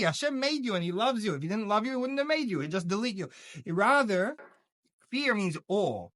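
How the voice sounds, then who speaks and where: Animated male teacher, jokey, acts out stories, dry close sound. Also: extremely high pitch, dry recording. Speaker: Torah teacher. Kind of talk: casual lively religious lesson.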